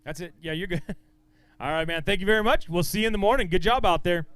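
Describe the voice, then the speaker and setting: A man with a high, clear, smooth voice calls out anglers and their weights at a tournament weigh-in. He sounds upbeat and encouraging, trading quick banter with each angler on stage. The sound is close and dry. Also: fairly bright tone, no room sound. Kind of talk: live weigh-in announcing.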